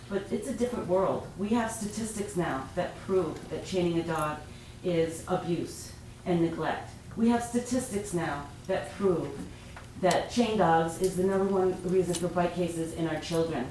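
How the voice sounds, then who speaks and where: A woman's voice: mid-range voice, a little mellow. A woman who directs an animal rescue, speaking earnestly in a public comment at a city council meeting. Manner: earnest, pleading. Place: council chamber. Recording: echoey chamber, far from mic, faint noise.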